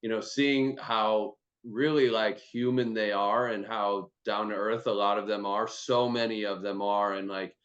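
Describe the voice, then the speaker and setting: A man's voice: fairly low pitch, level tone, measured pace, few pauses, a bit bright. Laid-back man on a muffled video call. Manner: loose, chatty, swears freely, many "like"s. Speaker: host and performance trainer. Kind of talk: casual video-call chat.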